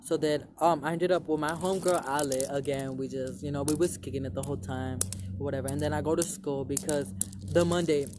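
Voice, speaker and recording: Young guy vlogging, rambly and sweary, lotta "like"s, kinda high voice, noisy background. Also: steady tone, a little fast. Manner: rambling, profane, lots of "like" fillers. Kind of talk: casual storytelling to camera.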